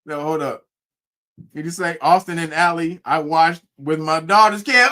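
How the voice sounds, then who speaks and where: A man's voice: a little high, moderate pace. A middle-aged man hosting, telling a family story to viewers casually, swearing and laughing a lot. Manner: animated, swearing, laughing often. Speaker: host.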